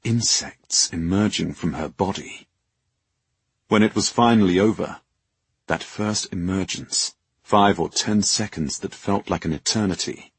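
A man reading an audiobook novel in a measured, dramatic way. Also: low voice, slightly rough, no echo. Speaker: audiobook narrator. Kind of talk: scripted narration.

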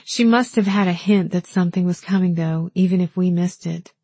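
A woman voicing a grieving, chatty older southern woman in an audiobook, speaking softly and shakily over the phone. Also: fairly low pitch, a little fast, no echo. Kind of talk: audiobook dialogue.

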